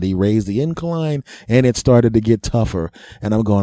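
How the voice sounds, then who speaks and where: A man's voice: fairly low pitch, expressive, normal speed, few pauses, mellow, dry recording. A middle-aged man hosting a podcast, telling a self-mocking comic story and laughing at his own jokes. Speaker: comedy podcast host.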